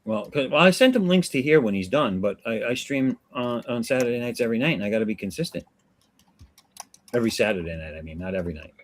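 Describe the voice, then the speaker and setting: A man hosting a relaxed live drawing stream, joking and rambling in casual chat with a friend. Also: mid-range voice, quick pace. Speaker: comic artist streamer.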